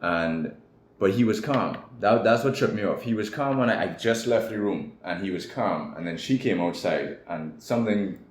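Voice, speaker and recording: A man's voice: on the low side, animated, moderate pace. A man with a Trinidadian accent, a guest telling his personal story candidly in an interview. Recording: echoey room with faint noise.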